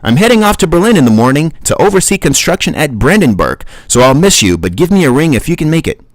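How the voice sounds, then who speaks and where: Brief: man putting on a higher, louder, cheerful male caller leaving a polite voicemail. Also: big pitch swings, quick pace, dry recording. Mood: upbeat. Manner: upbeat, courteous voicemail delivery.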